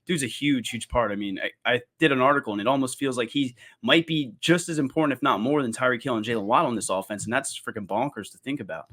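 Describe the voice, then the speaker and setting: Fast-talking podcast co-host man. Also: mid-range voice, a bit bright. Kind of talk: casual sports podcast chat.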